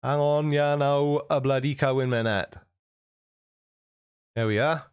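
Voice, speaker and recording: A man hosts a live stream and reads viewer comments in a cheeky, joking way, laughing often. His pitch sits mid-range, and the sound is dry and close, with no room echo. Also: steady tone, unhurried, smooth, highs cut off. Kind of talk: casual chat reading out viewer comments.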